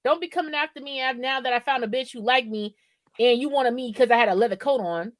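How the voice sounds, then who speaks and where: A woman's voice: a little high, fast talker. A woman co-hosting a podcast in casual, profane chat, rambling and often checking in with "right?". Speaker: podcast co-host.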